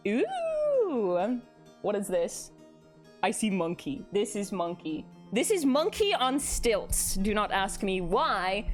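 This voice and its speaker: A young woman streaming live, chatting casually, giggling and greeting her viewers as she reads chat. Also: medium pitch.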